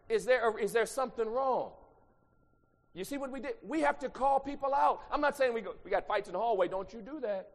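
A male pastor preaching a sermon, swinging from quiet asides to loud shouted lines. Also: very high voice, fairly quick. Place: church sanctuary. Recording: long church reverb.

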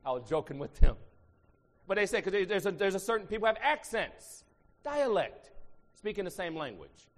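Fiery Ohio preacher in a reverberant hall. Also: male voice, big pitch swings, moderate pace. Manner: dynamic, swinging from shouts to low asides, call-and-response. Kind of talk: sermon. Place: church sanctuary. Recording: long reverb in a large hall.

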